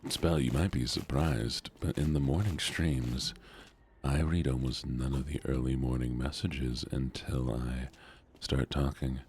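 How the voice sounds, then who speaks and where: A tired, soft-spoken man streaming from home, chatting in a groggy morning voice with drifting pauses. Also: extremely low pitch, fairly even intonation, slight background noise.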